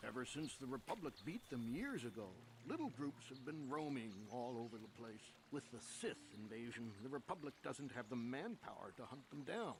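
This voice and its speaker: An actor playing a chatty, helpful middle-aged farmer settler in a video game, with a folksy, rustic way of talking. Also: male voice, mid-range voice, very animated, fairly quick, few pauses. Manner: folksy, rustic, plain-spoken. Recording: game audio with background noise.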